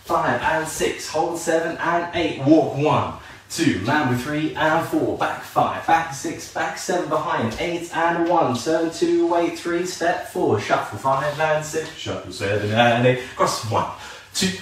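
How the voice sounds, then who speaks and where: A man's voice: on the high side, takes it slowly, far from the mic. Upbeat man calling line dance counts. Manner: upbeat, calls counts rhythmically, jokes about himself. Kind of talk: live online dance lesson. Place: at home, moving while teaching. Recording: very echoey room, voice off-mic, faint noise.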